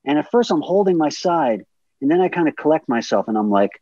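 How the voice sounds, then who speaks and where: A man in his fifties, a podcast guest, telling stories in a lively, profane way and acting out the scenes. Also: on the high side, brisk, no echo, muffled recording. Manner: animated, profane, acts out scenes. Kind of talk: casual storytelling.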